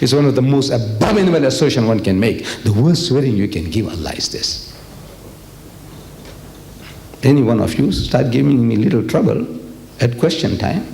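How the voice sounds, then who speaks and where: An older man giving a religious lecture to a live audience, rhetorical and animated, firing questions at the crowd. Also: medium pitch, normal speed, creaky, pauses often. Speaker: Islamic lecturer. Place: lecture hall. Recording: echoey hall with faint ambient noise.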